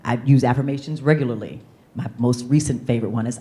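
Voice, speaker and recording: A woman speaker and coach giving a lively motivational keynote from a conference stage, leading the audience in call-and-response. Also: rumbling low, fast talker.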